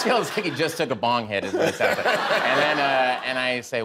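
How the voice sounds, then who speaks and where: A man in his forties, a talk show guest, telling animated stories and doing quick impressions of friends. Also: medium pitch, heavy background noise. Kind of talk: casual chat.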